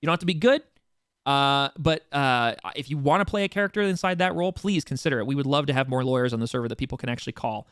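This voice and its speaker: A staff host for a roleplay server runs a casual community meeting, rambling through reminders full of restarts and fillers. His mid-range voice is fast, a bit bright, clear and resonant, captured as a dry, clean studio recording. He's informal and sometimes swears for emphasis.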